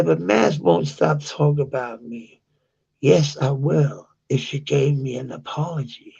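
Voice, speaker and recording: A man with a Danish accent delivers a heated, profane rant in a slow, deliberate cadence. His voice is slightly high, very gravelly and husky. The recording sounds dull and lo-fi. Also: a little mellow. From Denmark. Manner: heated, profane, repetitive ranting. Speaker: vlogger. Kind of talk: angry rant to camera.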